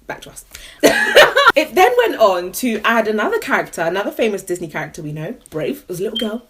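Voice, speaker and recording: Lively young woman reviewing films. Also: medium pitch, quick pace, background noise. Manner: animated and blunt, swears and laughs often. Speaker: film review co-host. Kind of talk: casual film review chat.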